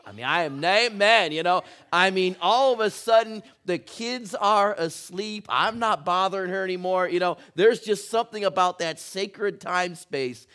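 A middle-aged man preaching a sermon, telling a funny personal story with animated, humorous delivery. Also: sits high, measured pace. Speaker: pastor.

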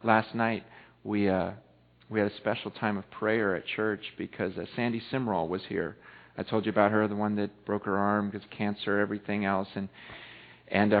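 A man preaches to his church, urgent at full voice and then dropping low and quiet. His voice carries a long echo through the hall, and the recording is thin and tinny, like audio heard over a phone line. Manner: impassioned preaching that swings from loud to hushed. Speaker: pastor. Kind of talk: sermon.

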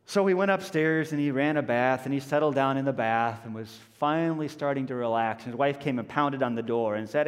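A man preaching a sermon as a pastor, telling stories with lively, acted-out voices. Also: mid-range voice, a little fast, hardly any pauses, in a large hall. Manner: animated storytelling, acting out voices of people in the story.

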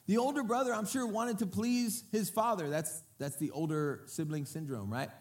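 Lively preacher man, slightly high voice. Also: normal speed. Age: adult parent. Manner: lively, often breaks into acted quotes; asks the crowd to repeat words. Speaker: pastor. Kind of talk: sermon.

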